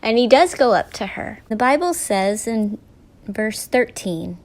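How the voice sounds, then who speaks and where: A woman's voice: on the high side, expressive, measured pace. A woman hosting a devotional talk while she paints, telling the story earnestly and often dropping to a near whisper. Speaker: host.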